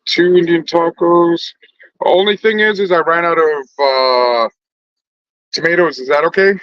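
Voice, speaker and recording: A middle-aged man who cooks and sells food, a food truck cook and vlogger, chats loosely into his phone during a livestream, full of fillers and easy laughter. His voice is on the high side and a bit bright, with fairly even intonation and an unhurried pace. The sound is lo-fi with no echo.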